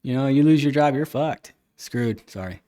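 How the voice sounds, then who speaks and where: A man's voice: mid-range voice, normal speed, warm tone. A man hosting a casual podcast chat, telling stories animatedly and acting out the people he quotes. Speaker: podcast host.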